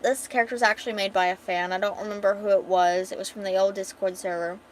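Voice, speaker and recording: A woman's voice: medium pitch, fairly even intonation, fast, slight background noise. A woman streamer casually reading a comic aloud, chatty and giggly with lots of asides.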